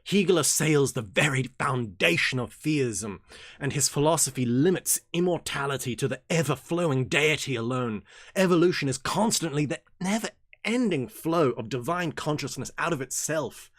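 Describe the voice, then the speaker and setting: A young man hosting an occult reading group, reading passages aloud and rambling in jokey, animated tangents. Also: normal speed, no room sound, studio quality. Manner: animated and jokey, swings from excited outbursts to low mumbles. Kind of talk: casual reading and commentary livestream.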